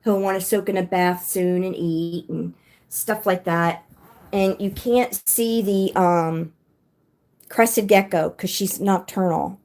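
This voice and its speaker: A woman's voice: medium pitch, steady tone, takes it slowly, darkish tone. A woman hosting a casual livestream, rambling and chatty as she answers comments from her viewers. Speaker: livestream host.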